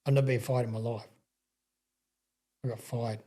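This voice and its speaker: Middle-aged Australian man, husky and mellow, loose rambling storyteller who swears and restarts sentences. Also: medium pitch, fairly even intonation, normal speed. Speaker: guest, sprintcar racing veteran. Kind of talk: casual storytelling interview.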